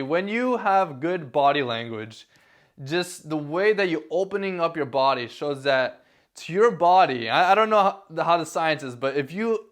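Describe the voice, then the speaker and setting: Young male vlogger, casual and filler-heavy, slightly high voice. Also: a bit bright. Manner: laid-back, filler-heavy, repeats words. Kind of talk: casual talk to camera.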